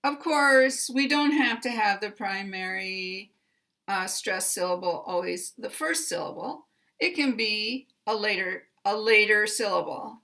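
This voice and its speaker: A middle-aged American woman teaching pronunciation, speaking deliberately and carefully enunciating, repeating each example word. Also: mid-range voice, bright, forceful tone. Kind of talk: slow instructional explanation.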